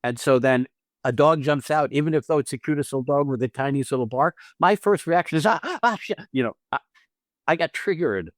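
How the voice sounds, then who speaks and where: Guy cohosting an acting podcast, lively, acts stuff out, laughs a lot, dead dry mic. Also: medium pitch, fairly quick, no echo. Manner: animated, acts out quotes and lines, laughs often. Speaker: podcast co-host and acting teacher. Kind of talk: casual conversational podcast chat.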